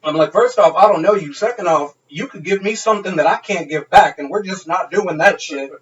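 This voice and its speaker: A man's voice: high voice, brisk, recorded from a distance, highs cut off. A man on a podcast telling a wild night-out story in casual, profane, laughing chat. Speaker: podcast co-host.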